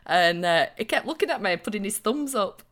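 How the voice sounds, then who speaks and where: A woman's voice: medium pitch, expressive, fairly quick, a bit bright. A woman, co-hosting a podcast and telling stories in a chatty, laughing way. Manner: chatty storytelling with frequent laughter. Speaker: podcast co-host. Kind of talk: casual chat.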